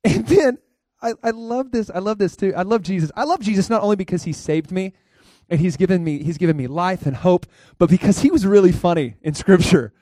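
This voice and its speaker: A male pastor giving a sermon in a loose, animated way, often laughing and tossing questions at the congregation. His voice sits somewhat high, and the recording is dry and close. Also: a little fast, no room sound. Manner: conversational, asks the crowd questions.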